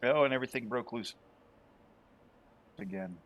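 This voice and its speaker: A man running a tabletop game online as game master, joking and animated. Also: medium pitch, normal speed.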